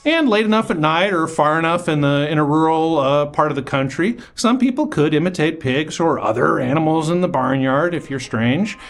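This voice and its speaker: A man's voice: on the high side, lively intonation, normal speed, hardly any pauses. A man playing the odd ghost of an old-time pig researcher in improv comedy, needling the other guest with old-fashioned phrasing.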